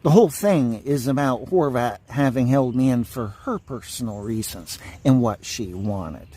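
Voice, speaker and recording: A man's voice: mid-range voice, moderate pace, warm tone. A man delivering an angry, repetitive monologue, insulting and swearing at his listeners. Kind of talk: ranting monologue to camera.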